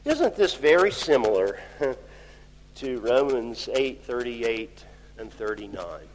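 A man preaching a sermon on scripture, explaining a text verse by verse and rising to loud, emphatic exclamations on key points. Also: mid-range voice, very animated, slow. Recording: reverberant hall with faint hum.

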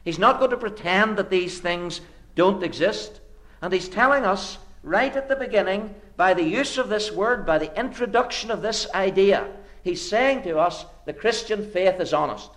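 A man delivering a sermon, his fairly high voice ranging widely in pitch. He builds his points through repeated, rhetorical phrases. He drops to hushed low lines and then rises suddenly for emphasis. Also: expressive, moderate pace. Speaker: preacher.

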